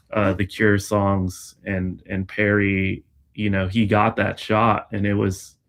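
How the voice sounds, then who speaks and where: A man chatting casually on a fan livestream, halting and full of fillers and restarts. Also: on the low side, creaky. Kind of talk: casual chat.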